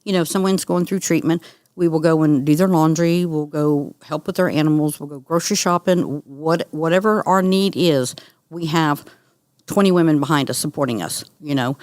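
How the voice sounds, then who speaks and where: A middle-aged woman, a guest on an interview, telling her story in an earnest, animated way. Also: low voice, normal speed, no echo, studio quality. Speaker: guest, cancer survivor. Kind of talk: conversational interview.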